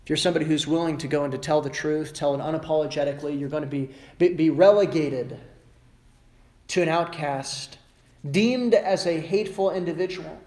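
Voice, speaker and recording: A male pastor preaching a sermon emphatically, rising sharply in pitch and volume at his high points and mimicking other people sarcastically. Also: brisk. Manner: emphatic preaching with wide swings in pitch and loudness; mocking voices of the world in sarcastic asides.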